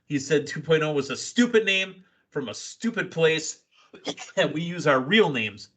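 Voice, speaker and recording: A man hosting a casual wrestling recap podcast, excitable and quick with asides and laughs. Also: a little high. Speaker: podcast host.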